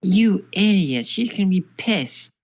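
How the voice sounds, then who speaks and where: A panicky male fighter shouts in a strained, high voice, put on by a man. He sounds loud and exasperated, well above the speaker's usual pitch. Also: expressive, measured pace, full character voice.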